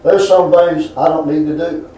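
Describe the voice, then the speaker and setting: A man's voice: on the high side, fairly even intonation, moderate pace, dark tone, distant mic, slight background noise. A middle-aged man preaching a folksy sermon to a responsive congregation. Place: church sanctuary. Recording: echoey church room.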